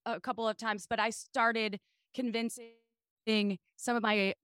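A woman with a raspy, somewhat high voice tells frank stories in an animated, open way. The sound is dry and close, with no room around it. She talks like a guest in a relaxed chat. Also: takes it slowly, dry recording. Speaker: podcast guest. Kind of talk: candid casual chat.

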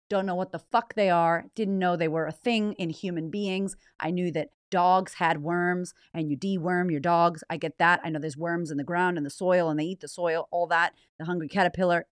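Casting: woman podcast host, thirties, lowish voice, dry close mic, animated, swears a lot. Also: no echo. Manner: swears freely, dramatic and animated. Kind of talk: raw confessional storytelling. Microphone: podcast microphone.

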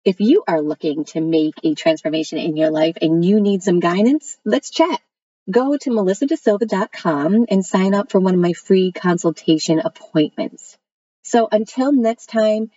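Host: bubbly Boston-accented woman, slightly husky voice, dry close sound. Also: lowish voice, moderate pace, mellow, no room sound, dull audio. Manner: bubbly, laughs often. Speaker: podcast host. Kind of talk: casual interview chat.

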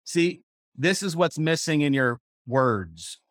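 A man's voice: a little high, very animated, slow, fairly bright tone, no room sound. Emphatic male sales coach, dry sound. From Missouri. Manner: emphatic, repetitive, self-correcting. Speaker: real estate sales coach. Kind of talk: seminar teaching. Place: seminar room.

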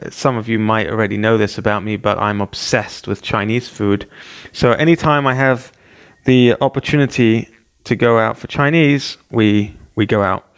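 A man in his thirties hosting a podcast, telling a story casually and excitably acting out his own panic. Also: medium pitch. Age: 30s. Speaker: podcast host.

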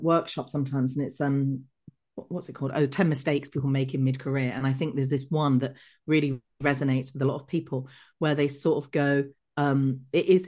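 A middle-aged woman, an executive coach telling stories from her career as a podcast guest, animated and quick to act out remembered conversations. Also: a bass voice. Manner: lively, acts out remembered dialogue. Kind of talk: podcast interview storytelling.

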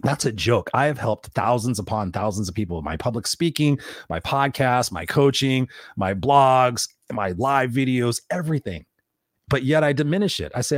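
A man's voice: medium pitch, expressive, brisk, no echo, clean studio sound. A middle-aged man hosting a solo podcast as a coach, talking bluntly and emphatically, swearing freely and repeating phrases for stress. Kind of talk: unscripted solo podcast monologue.

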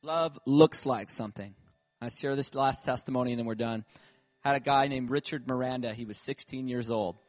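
A man's voice: medium pitch, normal speed. Rambling man preaching in a reverberant hall. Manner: casual, rambling storytelling with many fillers. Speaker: church leader. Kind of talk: sermon testimony. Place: church hall. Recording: reverberant hall with music behind.

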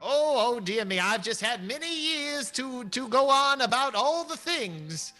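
A man voicing a chatty, genteel old gentleman who talks in long-winded, old-fashioned exclamations. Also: very high-pitched, lively intonation, unhurried, faint music behind, voice pushed up, full character voice. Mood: affectionate.

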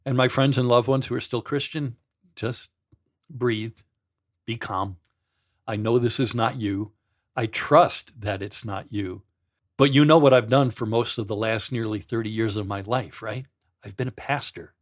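A man's voice: mid-range voice, normal speed. A middle-aged man, a former pastor, hosting a podcast in a sarcastic, mocking monologue, reading quotes aloud with dramatic flair. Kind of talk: sardonic monologue.

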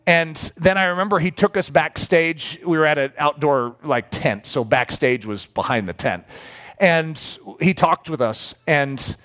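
Animated middle-aged male preacher. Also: a little high, measured pace. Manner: animated, breaks into lively acted-out quotes. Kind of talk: storytelling sermon.

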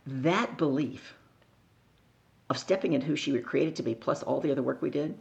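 A middle-aged woman telling lively stories as a sales coach on a podcast, asking her listeners questions along the way. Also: low-pitched, normal speed, creaky. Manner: animated storyteller who acts out voices and asks the listener questions. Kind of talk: storytelling in a podcast interview.

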